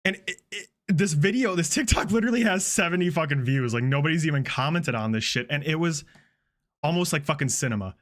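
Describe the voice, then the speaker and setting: A young man streaming, recapping a string of online videos in a casual, profane, animated way. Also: on the high side, a little fast. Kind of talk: casual storytelling on a livestream.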